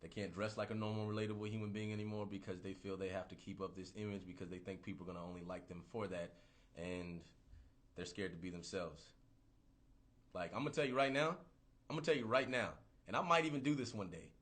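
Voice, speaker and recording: A man hosting a livestream, ranting in a casual, profane, animated way and repeating himself. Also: fairly low pitch, fast talker. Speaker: livestream host.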